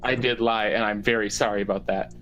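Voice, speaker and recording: A man's voice: fairly low pitch, steady tone, brisk, a bit bright, faint music behind, rough recording. A man running a tabletop game as game master, describing rooms with lots of fillers and self-corrections.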